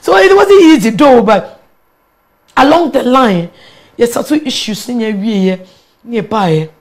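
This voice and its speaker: A woman with a Ghanaian accent, a guest telling her own story in an interview, animated and quick to laugh, mixing local words into her English. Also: a little high. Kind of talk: candid personal storytelling in an interview.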